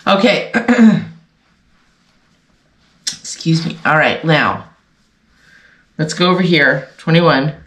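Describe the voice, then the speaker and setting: A woman's voice: low-pitched, expressive, takes it slowly, long pauses, fairly bright tone. A woman hosting a casual sewing vlog, chatting to viewers in a rambling way, often correcting herself, and sounding congested. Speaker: sewing channel host. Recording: echoey room.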